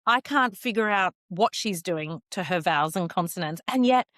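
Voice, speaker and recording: A woman with an Australian accent, co-hosting a podcast in animated, casual chat. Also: fairly low pitch, dry recording, clean studio sound. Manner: animated, chatty, quick to laugh. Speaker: podcast co-host.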